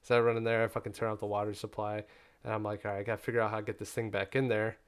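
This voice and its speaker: A young man telling a story in casual chat, profane and animated, full of "like" fillers. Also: fairly low pitch, very fast, clean tone.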